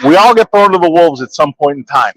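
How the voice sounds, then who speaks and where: A man with a high voice co-hosts a podcast in a playful, joking way. He teases his partner and pushes motivational quotes with mock drama. The sound is close and dry. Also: expressive, fast talker, a bit bright, no echo, low-quality recording. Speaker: podcast co-host. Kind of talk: casual banter. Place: trade show floor.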